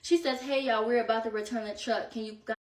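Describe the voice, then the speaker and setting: Animated young woman telling a story. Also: fairly high pitch, quick pace, far from the mic. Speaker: podcast host. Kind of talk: casual storytime. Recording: roomy echo, set back from mic.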